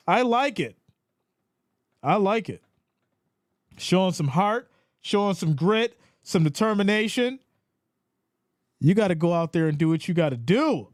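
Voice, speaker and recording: Man, live-stream play-by-play, fairly high voice, dry close sound. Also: measured pace, long pauses, dry recording. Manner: animated, rises in pitch when excited. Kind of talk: play-by-play commentary with chat reading.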